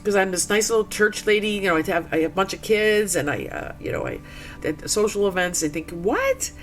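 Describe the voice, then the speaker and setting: A woman's voice: mid-range voice, a little fast, a little hiss or hum. A woman in her sixties, from the United States, telling her own story in an interview in an earnest, emphatic, heartfelt way. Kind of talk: personal testimony in conversation.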